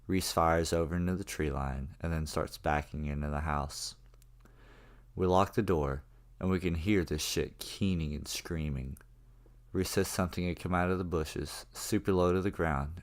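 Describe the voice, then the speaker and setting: Man, very deep low voice, horror story narration, casual and profane, first-person telling. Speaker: creepypasta narrator.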